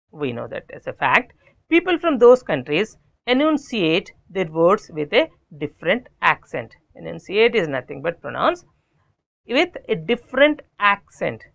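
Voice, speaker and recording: A woman's voice: mid-range voice, big pitch swings, measured pace, creaky, a bit bright. A woman with an Indian English accent teaching a vocabulary lesson, explaining each word with synonyms and memory tricks.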